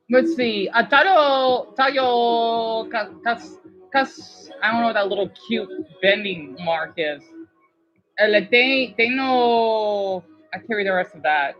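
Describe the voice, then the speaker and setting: Woman vlogger, chatty and excitable, a bit high-pitched, dull lo-fi audio, faint music behind. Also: takes it slowly. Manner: chatty, excitable, stumbles over words. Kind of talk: casual chat to viewers.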